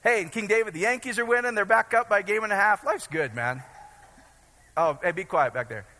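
A middle-aged pastor from Iowa preaches a casual, joking sermon, chatty and often asking his congregation if they follow him. His voice is high and sharp, with lively intonation and a slightly fast pace, and long hall reverb trails it.

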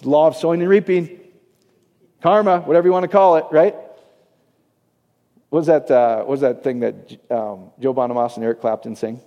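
A man's voice: medium pitch, fairly even intonation, fairly quick, pauses often, dull audio. A man preaching a casual, conversational sermon as a pastor, often checking in with his audience. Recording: echoey hall, long reverb.

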